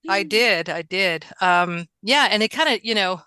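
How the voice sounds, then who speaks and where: A woman from New York, a guest in a casual conversation, telling animated stories from her childhood, acting out quotes and laughing often. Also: mid-range voice, measured pace, clear, resonant tone, no echo.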